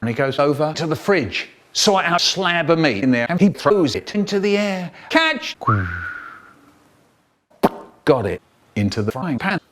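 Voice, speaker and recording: A man telling a comic story in an animated, exaggerated way. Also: fairly high pitch, normal speed.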